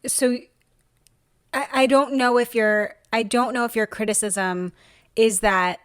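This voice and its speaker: A woman therapist co-hosting a podcast, speaking in a thoughtful, analytical, measured way. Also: on the high side, fairly even intonation, clean tone, no room sound, clean studio sound. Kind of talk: casual chat.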